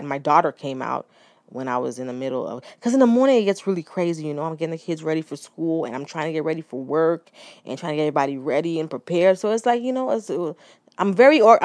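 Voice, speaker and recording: A podcast host in her thirties shares a personal story, candid and reflective, circling back with restarts and small asides. Her low, darkish voice is recorded close and dry, with no room sound at all.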